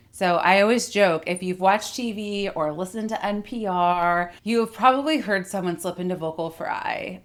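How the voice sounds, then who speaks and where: A middle-aged woman voice coach giving a clear, articulate instructional lesson that demonstrates vocal techniques. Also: on the low side, expressive, normal speed.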